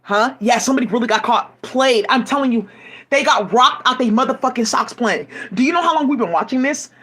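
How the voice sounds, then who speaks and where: A woman's voice: a little high, a little fast, a bit bright, husky. A woman giving rambling, profane commentary full of restarts, agitated asides and fillers, speaking into a home mic. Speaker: commentary vlogger.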